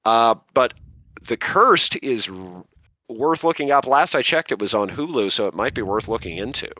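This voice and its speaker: A man's voice: mid-range voice, lively intonation, normal speed, pushed and bright, no room sound, low-quality recording. A man co-hosting a casual group chat podcast, talking in a chatty, self-interrupting way. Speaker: podcast co-host.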